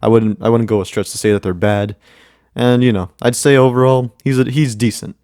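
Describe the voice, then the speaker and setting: A man's voice: medium pitch, fairly even intonation, brisk, a little mellow, dry recording, clean studio sound. Rambling casual man reviewing music. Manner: rambling, with many repeats and "you know" fillers. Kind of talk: casual commentary.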